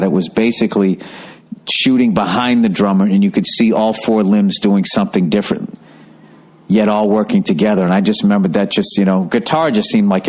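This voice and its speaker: Middle-aged male podcast host, low-ish voice, rambling and profane, enthusiastic solo monologue. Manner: rambling, swears freely, excitable and enthusiastic.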